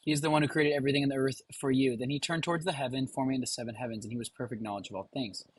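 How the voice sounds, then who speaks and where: A man's voice: mid-range voice, steady tone, racing, husky, dry recording, low-quality recording. A man hosting a reaction video, reading a passage aloud and talking casually to his viewers. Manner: informal, addresses viewers directly.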